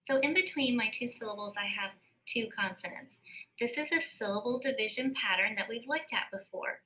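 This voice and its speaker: A woman teacher giving a recorded phonics lesson, slowly and carefully sounding out words. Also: fairly high pitch, sharp tone, rough recording.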